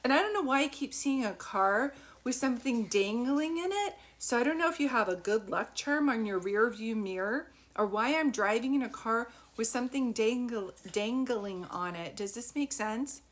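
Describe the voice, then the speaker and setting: A woman's voice: on the high side, lively intonation, normal speed. A middle-aged woman giving a live-stream psychic reading, talking in a chatty, encouraging way with many fillers and restarts. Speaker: psychic medium.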